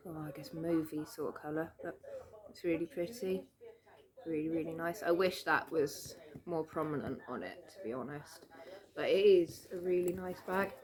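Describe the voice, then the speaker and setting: A British woman chatting casually into a camera at home, rambling cheerfully with plenty of fillers and little laughs. Her voice sits a bit low for a woman. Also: a little mellow. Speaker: vlogger. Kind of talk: casual show-and-tell chat. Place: home room.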